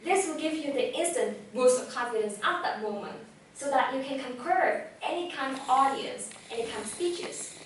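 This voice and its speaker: A young woman whose first language is Vietnamese speaks in a lively, direct coaching tone, her voice sitting a little high. She is picked up from some distance away, in a strongly echoing hall with a faint hum behind her. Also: moderate pace. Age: young adult. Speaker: speaker giving a talk on public speaking. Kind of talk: motivational talk to a live audience. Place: event hall. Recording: echoey hall, voice from far off.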